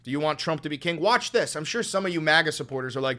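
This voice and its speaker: A young male streamer with a high voice rants at his chat. He taunts them and swears a lot, combative and mocking. His tone is bright and forward. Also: expressive, fast. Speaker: streamer, channel host. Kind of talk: live-stream political rant.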